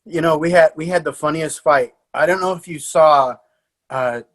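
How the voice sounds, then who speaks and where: A man, a martial arts coach, telling lively stories in a podcast interview with fillers and laughs. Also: a little high, normal speed. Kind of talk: animated storytelling in a podcast interview.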